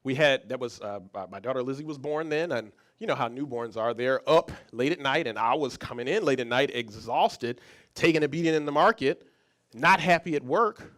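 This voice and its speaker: A man who is a psychologist, giving a motivational talk as a lively story, often restarting and repeating words. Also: mid-range voice, normal speed. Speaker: psychologist and speaker.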